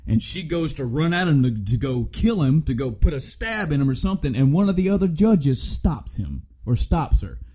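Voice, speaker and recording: A man co-hosting a podcast, retelling a game story in a casual, animated way with plenty of swearing and restarts. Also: a little high, moderate pace, hardly any pauses, slightly rough, rough recording. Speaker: podcast co-host.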